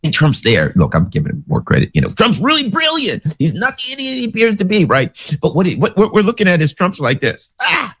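A man's voice: high-pitched, wildly swooping pitch, fairly quick, hardly any pauses, fairly bright tone, breathy edge. A man giving casual, sarcastic political commentary, rambling through stories and asides.

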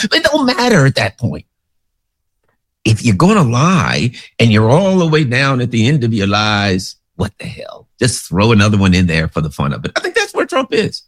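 A man's voice: medium pitch, wildly swooping pitch, moderate pace. A man giving casual, sarcastic political commentary, rambling through stories and asides.

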